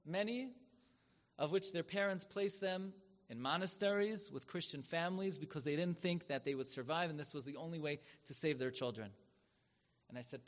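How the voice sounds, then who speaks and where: A man with a somewhat high voice tells a sermon as a dramatic story. His words carry a long reverb, as if he speaks in a large hall. He turns loud and high for the big moments. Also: moderate pace. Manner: dramatic, swells loud and high when acting out quoted rabbis.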